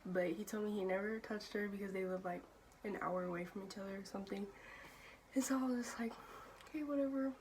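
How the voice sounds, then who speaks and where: Young woman vlogger, casual storyteller, swears freely, laughs between lines, mid-pitched, faint background hum. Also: fairly even intonation, fast talker. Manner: casual, profane, laughs often, many "like" fillers. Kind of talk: storytime vlog.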